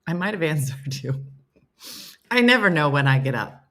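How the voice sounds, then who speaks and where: Chatty low-voiced woman hosting a live show. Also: very animated, moderate pace, fairly bright tone. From United States. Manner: chatty, self-mocking, talks to viewers by name. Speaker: host of a morning live show. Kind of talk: casual live-stream chat reading comments.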